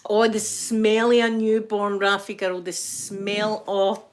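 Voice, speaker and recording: A woman's voice: mid-range voice, flat delivery, slow. Older Scottish woman, talkative vlogger, laughs easily, rambles through stories. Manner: chatty, laughs often, rambling anecdotes. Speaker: vlogger reading live chat. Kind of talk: casual chat.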